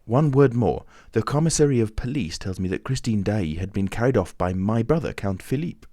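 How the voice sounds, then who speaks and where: A man's voice: fairly low pitch, expressive, a little fast, warm tone, no echo, clean studio sound. A man reading an audiobook, voicing an impatient, feverish young nobleman with an urgent, pleading delivery. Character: young impetuous nobleman Raoul, agitated.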